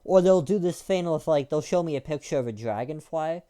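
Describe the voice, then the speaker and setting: A young man with a dark, mellow and smooth voice delivers a rambling, irritated rant. He talks crudely and loosely, with lots of fillers and restarts. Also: a little high, animated, a little fast. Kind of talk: casual ranting monologue.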